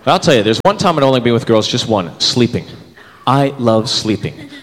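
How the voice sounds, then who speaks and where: Performing stand-up at a comedy club, this thirty-something man speaks at a medium pitch and a fairly quick clip. He's animated, slipping into put-on voices to play different characters. The live hall recording carries crowd noise and bursts of audience laughter.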